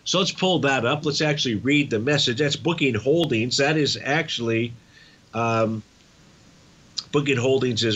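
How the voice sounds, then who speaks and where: Male trading-show host, methodical chart talk, mid-pitched voice, slightly lo-fi recording. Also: measured pace, pauses often, fairly bright tone, breathy edge. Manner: methodical, walks through chart levels with frequent fillers. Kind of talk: live market chart commentary.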